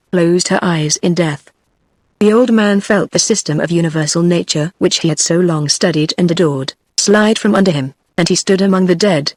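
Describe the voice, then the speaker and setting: A text-to-speech woman's voice with a British English accent, reading a novel aloud as an audiobook narrator in an even, synthetic manner. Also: lowish voice, no echo. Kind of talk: scripted narration. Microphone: synthetic, no room.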